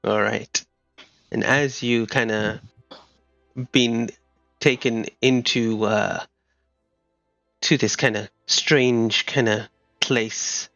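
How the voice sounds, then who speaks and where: Male game master, gravelly voice, halting narration, muffled lo-fi mic, faint background music. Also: medium pitch, steady tone, a bit bright, no echo. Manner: halting, many fillers and restarts.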